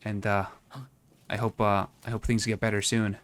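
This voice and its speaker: This VTuber's casual let's-play chatter comes in a fairly low, level voice at normal speed. He sounds hesitant and thoughtful as he muses, frequently starting over mid-thought.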